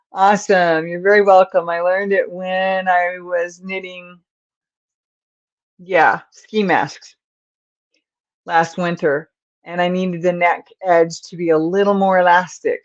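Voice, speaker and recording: This crochet livestream host has a lowish voice with a level tone, speaking slowly with long pauses. She chats with viewers and talks to herself while working stitches, distracted, apologetic and yawning. The audio is dry and dull.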